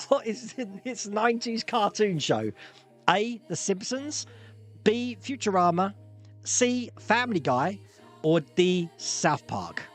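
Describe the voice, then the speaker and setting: A man hosting a live-streamed pub quiz, jokey and quick to laugh as he reads out multiple-choice options. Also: high-pitched, very animated, soft background music. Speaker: quiz host.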